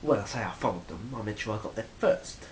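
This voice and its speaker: Guy rambling into his phone at home, swears a lot, bit of low rumble behind. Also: expressive, fast, low-quality recording. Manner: rambling, swears freely, acts out quoted exchanges loudly. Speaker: vlogger. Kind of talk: casual monologue to camera.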